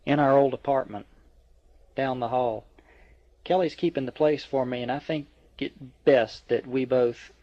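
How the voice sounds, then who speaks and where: Male reader voicing a troubled woman, warm, lightly raised pitch, dry lo-fi audio. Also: unhurried, dry recording, lightly acted. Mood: affectionate. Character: troubled adult woman, warm to her friend. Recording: dry, dull lo-fi.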